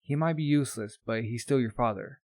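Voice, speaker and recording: A man voicing a gruff, matter-of-fact old grandmother mechanic. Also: mid-range voice, fairly quick, a little mellow, no room sound, natural voice.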